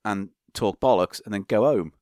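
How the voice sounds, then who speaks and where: A man's voice: fairly low pitch, moderate pace, a little mellow, dry recording, clean studio sound. A man co-hosting a comedy podcast, teasing and mock-insulting his co-host.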